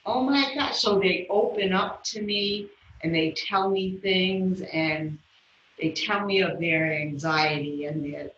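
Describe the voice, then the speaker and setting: A woman tells a personal story during an interview, bringing it to life by acting out the voices of the people in it. Her voice is bright and she takes her time. The sound is dull and roomy, like a remote call. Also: lowish voice, slow pace, a little hiss or hum. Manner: animated, acts out the voices of people in her stories. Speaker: guest, yoga instructor.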